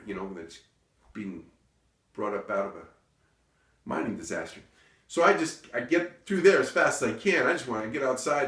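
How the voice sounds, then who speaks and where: Low-voiced comedian guy rambling a funny story, far from the mic in an echoey room. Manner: rambling, self-interrupting, deadpan asides. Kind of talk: comic storytelling.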